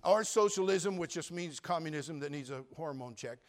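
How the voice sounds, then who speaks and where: An older man preaching a sermon, folksy and joking, telling stories and rising into loud preaching at times. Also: a little high, lively intonation, normal speed. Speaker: pastor.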